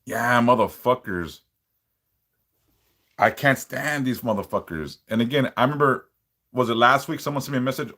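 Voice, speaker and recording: A man talking straight to his viewers on a livestream, blunt and profane. He greets chatters and warns them in a plain, mid-pitched voice. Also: moderate pace, long pauses, bright, forceful tone. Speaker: livestream host, spiritual worker. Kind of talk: casual livestream chat reading comments.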